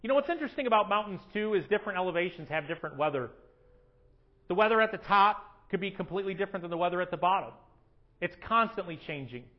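A man with a high, light voice preaches a sermon from the front of a church. He is animated and acts out people's prayers in a raised voice. The sound is a little dull and lo-fi. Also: fast. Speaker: pastor. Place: church sanctuary.

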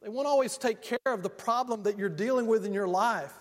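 An older male pastor preaches in a church sanctuary, telling homely stories and drawing out key lines slowly. His voice sits high for a man. A long reverb trails after each phrase. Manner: folksy storytelling preacher, slows for emphasis. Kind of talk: sermon. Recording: long reverb of a large hall.

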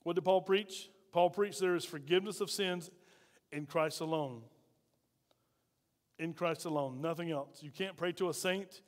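A pastor with a high, light voice preaches in a folksy way and keeps calling questions out to his congregation. His words ring with the long reverb of a church hall. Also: normal speed. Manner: folksy, call-and-response preaching. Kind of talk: sermon.

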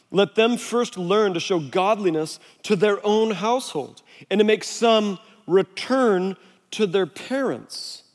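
A middle-aged man, a pastor on a body mic, preaching a sermon in a relaxed, conversational way and telling stories against himself. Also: high-pitched. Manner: conversational, self-deprecating storytelling. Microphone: wireless body mic. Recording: long hall reverb.

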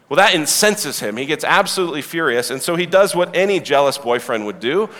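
A man with a slightly high voice preaching a sermon in a large hall, his words trailing off into a long reverb. He tells the story with animated, joking asides to the listeners. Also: a little fast, few pauses. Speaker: pastor.

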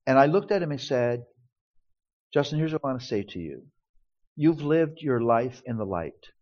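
A man's voice: mid-range voice, lively intonation, moderate pace, a little mellow. Earnest man preaching on parenting. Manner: earnest storytelling, acts out quoted dialogue. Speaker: pastor speaking on parenting. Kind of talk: sermon-style teaching and Q&A. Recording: dull lo-fi recording.

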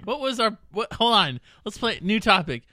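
A man co-hosting a casual comedy show, brash and teasing, quick to mock his partner. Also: sits high, sing-song, sharp tone. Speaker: co-host.

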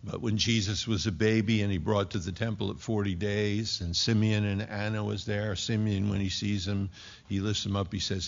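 A man's voice: lowish voice, flat delivery, normal speed, gravelly. A man preaching an expository sermon in a church, emphatic with folksy asides. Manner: emphatic, folksy asides between scripture readings. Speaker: pastor. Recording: dull lo-fi recording.

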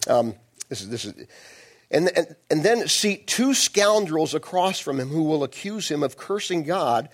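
A male preacher reads scripture, then drifts into chatty, joking asides with his audience. His slightly high voice rises and falls freely as he explains and digresses. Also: very animated, unhurried. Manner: conversational, digressive, playful asides. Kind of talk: sermon with Bible reading.

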